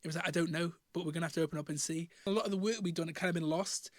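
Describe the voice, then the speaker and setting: Young teesside guy rattling through a studio story, quick and slangy, voice sits kinda high, dry close mic. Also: no echo. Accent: Teesside English. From Northeast England. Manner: animated, slangy storytelling with acted-out quotes. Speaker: musician. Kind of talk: storytelling vlog.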